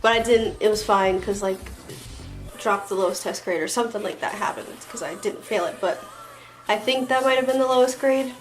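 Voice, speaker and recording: This young vlogger speaks with a Floridian American accent in a mid-range voice, talking fairly quickly through a tag video. Her chatter is rambling and full of "like" and "um" fillers. Faint music plays behind her, and the audio is poor.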